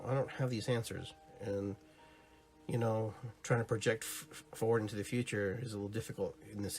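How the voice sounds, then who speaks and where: A man hosting a live-streamed podcast, chatting casually and rambling, who greets his viewers and acts out little stories. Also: fairly low pitch. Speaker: podcast host.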